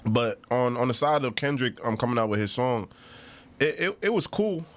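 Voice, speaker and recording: Speaking at a moderate pace in a mid-range, somewhat bright voice with lively intonation, this New York-accented co-host trades easygoing, slang-filled podcast banter and laughs frequently.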